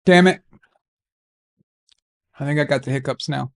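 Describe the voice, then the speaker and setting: Man, higher-pitched voice, live-stream host, casual rambling banter, jokey, sudden outbursts. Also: a little slow, creaky. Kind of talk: casual watch-along chat.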